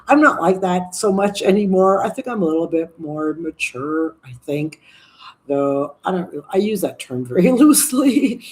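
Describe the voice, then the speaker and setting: Woman, 60s, live-stream host; low, mellow, loose and chatty. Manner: chatty, rambling, swearing, reading viewer comments. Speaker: livestream host. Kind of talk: casual live chat.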